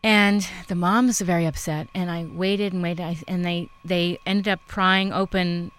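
Lady interviewer, lowish voice, chatty, tells a story, lots of mm-hmms. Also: steady tone, moderate pace, smooth. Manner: warm conversational storyteller, frequent affirmations. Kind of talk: casual interview chat.

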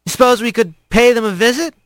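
A man's voice: extremely high pitch, a little fast, fairly bright tone, no echo, studio quality, voice pushed up. A man voicing a male rat investigator who talks in a breezy, quippy, easygoing way. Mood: wry.

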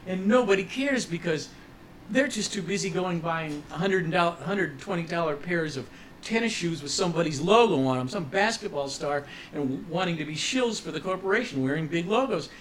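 A man's voice: on the high side, expressive, a little fast, fairly bright tone, slight background noise, poor audio. A man guest on a radio interview, ranting with passion and cynicism about politics. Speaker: musician guest.

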